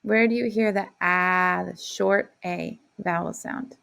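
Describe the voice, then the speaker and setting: Slow, patient woman teacher with gravelly voice. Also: lowish voice, fairly even intonation, a bit bright. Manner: slow, patient, encouraging classroom delivery. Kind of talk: phonics lesson for young children.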